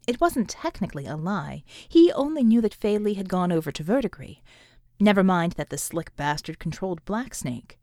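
In a dry, clean studio recording, a female audiobook narrator reads her script with a steady, measured storytelling delivery. Her voice sits in the mid-range.

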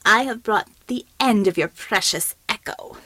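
A woman's voice: mid-range voice, a little slow, sharp tone, dry recording. A woman voicing a sneering, inhuman male shapeshifter villain with a wet, whispery voice in an audiobook. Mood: triumphant. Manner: contemptuous, taunting.

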